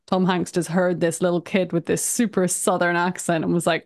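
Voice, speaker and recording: A woman co-hosting a podcast, chatting casually about a movie, curious and quick to laugh. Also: fairly low pitch, little pitch movement. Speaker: podcast co-host. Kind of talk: casual movie-review chat.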